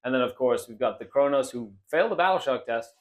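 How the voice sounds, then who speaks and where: Lively, upbeat man narrating a battle report. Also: mid-range voice, quick pace. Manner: animated, laughs often, playful exclamations. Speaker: host and player. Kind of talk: tabletop battle report commentary.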